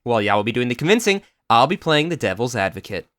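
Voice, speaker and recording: A man hosting a casual card-game podcast, talking in an animated way and laughing often. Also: medium pitch, fast. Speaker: podcast host.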